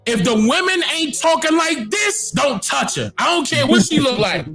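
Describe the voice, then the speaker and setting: A man hosting a reaction video, excitedly commenting, exclaiming and shouting, often repeating himself. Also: very high-pitched, normal speed, hardly any pauses, soft background music.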